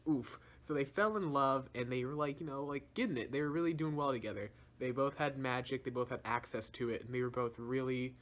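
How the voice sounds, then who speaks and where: Young man giving a slangy, laughing recap. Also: mid-range voice. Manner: slangy, laughs often, animated storytelling. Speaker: video reviewer. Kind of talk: casual plot recap.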